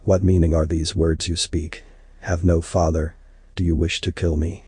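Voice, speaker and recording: A man's voice: level tone, moderate pace, dark tone, no room sound, soft background music. A man voicing a proud, wrathful male creator god who speaks in a grandiose, archaic way, in a story reading. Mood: indignant. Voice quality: deep husky voice.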